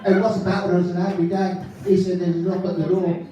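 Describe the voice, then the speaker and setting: A man's voice: sits high, flat delivery, quick pace, dull audio, very noisy, natural voice. A man doing an impression of a nervous, giggly male stand-up comedian who rambles through his jokes at a live show. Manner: nervous laughing, rambling gag delivery. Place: live concert venue. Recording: echoey hall mic from far off.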